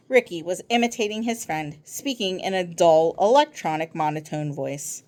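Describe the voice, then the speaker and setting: A woman reading a children's novel aloud, with expressive storytelling. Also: normal speed, hardly any pauses. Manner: expressive storytelling with a lively pitch. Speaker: reader.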